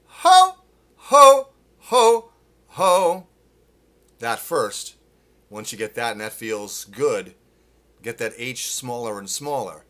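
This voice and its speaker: A man teaching singing live, explaining technique with restarts and breaking into loud sung demonstrations. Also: on the low side, a little slow. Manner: demonstrates with loud sung grunts and vocal exercises. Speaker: vocal coach. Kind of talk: live-streamed singing lesson. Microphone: phone.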